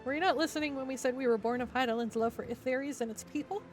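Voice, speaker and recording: A woman's voice: high-pitched, very fast, natural voice. A woman voicing an eager, slightly cheeky rabbit-like moon creature while reading game dialogue aloud, with faint music behind.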